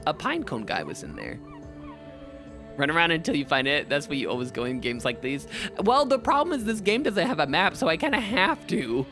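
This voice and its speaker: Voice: mid-range voice, very animated, moderate pace, bright, forceful tone, soft background music. A streamer playing a role-playing game, chatting casually, laughing often and reading the game's dialogue aloud. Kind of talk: casual gameplay commentary, voicing characters.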